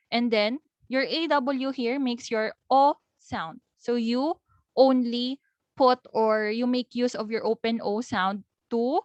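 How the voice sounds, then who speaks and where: A woman with a Philippine accent giving a recorded linguistics lecture, patiently repeating example words slowly and clearly. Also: on the high side, dry recording, rough recording. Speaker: linguistics teacher.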